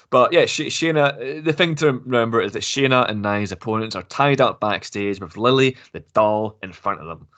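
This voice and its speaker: A man's voice: mid-range voice, fairly bright tone. Casual guy from glasgow, no scottish accent, rambling wrestling recap with swearing and laughs. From Glasgow, Scotland. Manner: chatty, swears, jokes, laughs often. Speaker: podcast host recapping wrestling.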